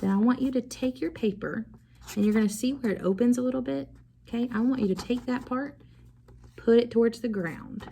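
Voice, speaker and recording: Woman, music teacher, kids' video lesson, encouraging, gravelly, faint hiss behind. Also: fairly high pitch, warm tone. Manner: slow, encouraging, call-and-response prompting. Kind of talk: classroom video lesson for young children.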